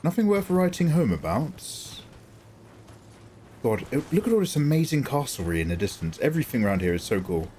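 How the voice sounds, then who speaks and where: Lively man streaming a game. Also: medium pitch, a little fast, a little hiss or hum. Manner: joking, teasing, chats back to viewers. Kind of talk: live gameplay commentary.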